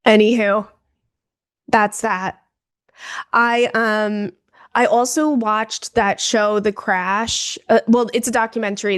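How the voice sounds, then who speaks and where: A young woman co-hosting a podcast, telling an embarrassing story in casual, gossipy chat and acting out the people in it. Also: medium pitch. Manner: gossipy, animated storytelling with quoted voices. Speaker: podcast co-host.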